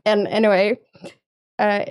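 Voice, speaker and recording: A woman's voice: mid-range voice, little pitch movement, measured pace. A young woman streamer, telling a story in a rambling, casual way and swearing freely. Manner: rambling, profane, laughs often.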